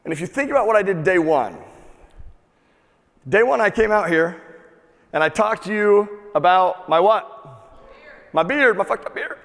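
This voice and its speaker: A man with a fairly high voice delivers a live motivational talk in a big hall, and long reverb trails each phrase. He talks with energy and swears freely. He has the crowd repeat key words back to him. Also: moderate pace, long pauses. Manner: energetic, profane, calls for audience repeats. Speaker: motivational speaker.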